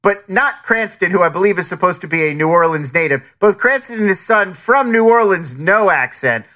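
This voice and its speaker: A podcast co-host in casual review chat, talking in quick bursts full of fillers and restarts. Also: mid-range voice, pushed and bright.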